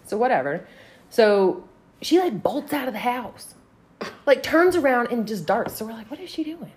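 A woman's voice: a little high, animated, moderate pace. A young woman from Texas telling a story in casual, profane chat and acting out the voices in quotes.

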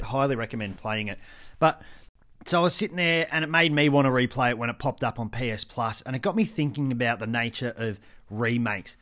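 A man's voice: medium pitch, fairly bright tone. An Australian man hosting a podcast with a stuffy nose from hay fever, telling stories in a chatty way, laughing often and swearing freely. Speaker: podcast host. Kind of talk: casual solo storytelling.

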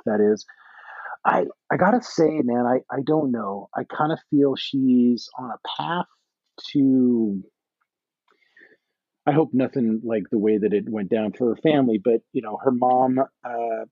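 Husky, mellow man rambling casually. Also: mid-range voice, no room sound. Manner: rambling, many "like" and "right?". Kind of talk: casual chat. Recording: dull, dry lo-fi mic.

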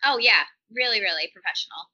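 A woman's voice: medium pitch, animated, fast, sharp tone, highs cut off. A woman in her thirties, a podcast interview guest, telling stories in a rambling, chatty way with many "like" fillers.

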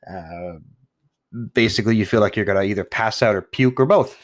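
A man's voice: on the low side, a little fast, no room sound, studio quality. A young man, a new father, talking casually and candidly to the camera, rambling, swearing often and laughing at himself. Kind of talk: casual personal monologue.

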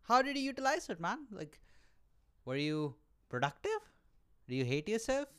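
A young man who hosts a solo comedy podcast, animated and profane and mocking himself. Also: sits high, normal speed, smooth. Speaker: podcast host. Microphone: camera mic.

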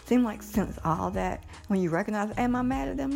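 A woman's voice: mid-range voice, normal speed, creaky, soft background music. A middle-aged woman in a casual monologue, giddy and blunt, cursing freely and laughing often. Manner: giddy, animated, swearing freely, frequent laughter. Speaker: vlogger.

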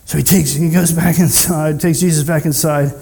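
A man preaching a sermon in a church, retelling scripture in an animated storytelling manner and acting out the quoted speakers. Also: a little high, moderate pace, vocal fry, big-room sound, soft background music. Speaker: pastor.

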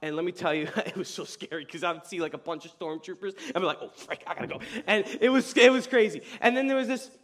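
A young man preaching a casual youth sermon, telling stories in slang with a voice that leaps up high and loud. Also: fast, hardly any pauses. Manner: animated storyteller, casual slang, voice jumps high and loud in retold scenes. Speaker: youth pastor.

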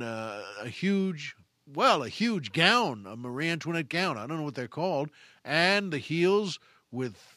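A man's voice: on the high side, a bit bright, no echo, clean studio sound. A man hosting a podcast, telling a rambling story in casual monologue, with chuckles and restarts. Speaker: podcast host.

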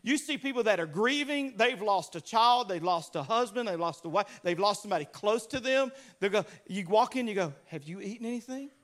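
A man from Louisiana with a Southern US accent, preaching a sermon as a pastor through animated, humorous storytelling with acted-out voices. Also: high voice, brisk, hardly any pauses.

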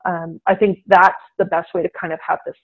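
Animated teacher woman on a tinny line. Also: on the low side, a little fast. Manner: animated, acts out classroom dialogue. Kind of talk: interview guest.

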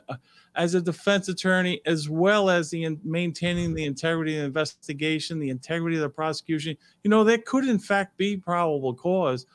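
A man in his role as a defense attorney speaks earnestly on a casual panel show. His voice sits a little high and the sound is dry and close, with no room around it. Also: dry recording. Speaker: criminal defense attorney, co-host.

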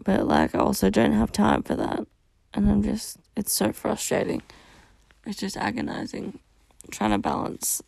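A woman's voice: medium pitch, little pitch movement, a little slow, gravelly, a little mellow, husky, no echo. A young woman hosting a solo podcast, talking candidly and rawly about her feelings, venting and swearing often. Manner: raw, venting, frequent swearing. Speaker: podcast host.

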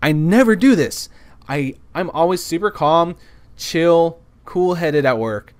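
A man's voice: on the high side, lively intonation, slow pace, no room sound. A man telling a work story in a casual monologue, rambling, repeating words and cursing now and then.

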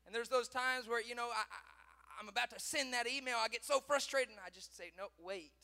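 A man preaching a sermon, swinging from hushed lines to shouted climaxes in dramatic preaching style. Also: very high-pitched, a little fast, gravelly, in a large hall.

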